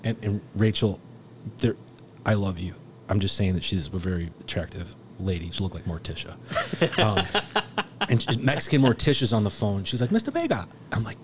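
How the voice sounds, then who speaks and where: A man telling a personal story in casual chat, animated and swearing, swinging from loud laughter to hushed near-whispers. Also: fairly low pitch, moderate pace, a little hiss or hum. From South Texas.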